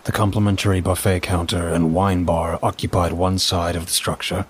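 A man narrating a first-person story in a measured, dry way. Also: low-pitched, level tone, husky.

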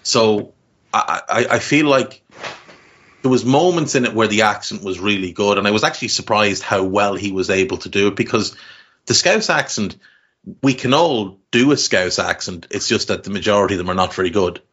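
Low-voiced man musing on a film. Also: lively intonation, a bit bright, breathy edge, highs cut off. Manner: measured, thinks aloud with repeated words. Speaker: podcast co-host. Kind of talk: casual film review chat.

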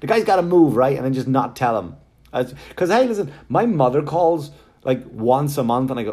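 A middle-aged man performing a stand-up comedy set, telling profane stories and acting out quotes in an animated way. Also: medium pitch, moderate pace. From Ireland.

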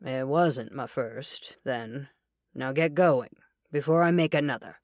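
A woman reading an audiobook, voicing a steady cowboy gunfighter who speaks low, calm and measured, with a quiet edge. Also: dry recording, studio quality. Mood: dry. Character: cool, steady cowboy gunfighter, adult man. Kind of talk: audiobook character voice.

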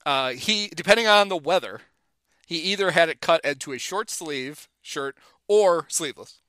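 A man's voice: on the high side, moderate pace, clear, resonant tone, no echo. A middle-aged man telling baseball-era anecdotes in casual chat, acting out the people he quotes. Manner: animated anecdotes, acts out quotes. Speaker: guest telling stories.

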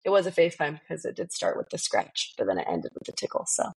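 A woman in her thirties with a soft, breathy voice tells a story on a parenting podcast. She rambles and giggles, filling her talk with "like" and "you know.". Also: low voice, big pitch swings, fast talker. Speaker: podcast co-host. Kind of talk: casual parenting podcast chat.

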